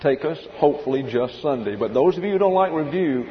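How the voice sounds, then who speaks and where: A man with a somewhat high voice preaches a teaching sermon, working through scripture verse by verse and breaking down Greek terms. The recording is dull and lo-fi, with a long hall reverb and a faint hiss behind him. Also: expressive, a little fast. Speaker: pastor. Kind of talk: expository sermon.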